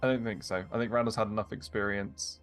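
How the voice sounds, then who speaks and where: A man's voice: on the low side, little pitch movement, quick pace, fairly bright tone, faint music behind. A man playing a tabletop game, speaking hesitantly with stammers and restarts. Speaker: player. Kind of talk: casual tabletop play.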